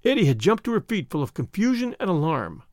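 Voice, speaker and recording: A man narrating a story aloud in an expressive, dramatic reading. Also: high voice, quick pace, no room sound, studio quality. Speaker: audiobook narrator. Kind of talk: scripted narration.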